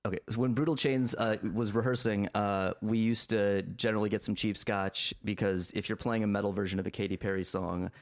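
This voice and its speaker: A man's voice: on the low side, steady tone, brisk, hardly any pauses. A man hosting a podcast in casual chat, joking and rambling with many fillers and restarts. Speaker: podcast host.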